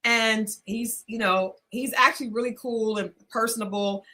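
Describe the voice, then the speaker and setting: A woman co-hosting a talk show, telling a story in a casual, animated way, laughing often and restarting her sentences. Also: a little high, normal speed. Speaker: podcast co-host.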